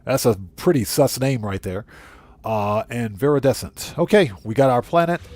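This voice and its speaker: Game streamer, male, mid-pitched, voice wearing thin and hoarse, casual chat with viewers, faint hiss behind. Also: moderate pace, darkish tone. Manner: reads viewer chat aloud and thanks viewers often. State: losing his voice. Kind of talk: casual live gameplay chat.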